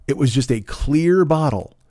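A man's voice: on the high side, animated, measured pace, dark tone, no echo, clean studio sound. A man hosting a podcast, telling a long story in a casual, rambling, profane way and mocking himself as he goes. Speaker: podcast host.

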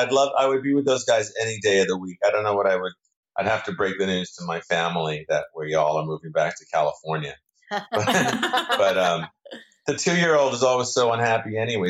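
Deep-voiced middle-aged man, guest actor in a casual interview, animated and rambling. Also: a little fast. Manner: rambling, self-correcting, animated.

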